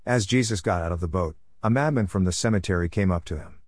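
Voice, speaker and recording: A man reading the Bible aloud in a measured, steady delivery, announcing verse numbers as he goes. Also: low-pitched, no room sound, studio quality. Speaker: Bible reader.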